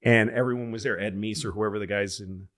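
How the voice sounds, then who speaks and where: Low-voiced man telling rambling stories. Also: fairly even intonation, fairly quick, fairly bright tone. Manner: rambling, self-correcting, profane. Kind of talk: casual comedic storytelling.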